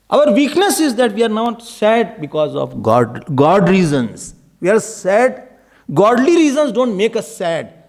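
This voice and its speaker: A man giving an impassioned devotional discourse as a spiritual teacher, pleading and exhorting his listeners. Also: very high-pitched. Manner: impassioned, mixing in Hindi verses and pleading cries.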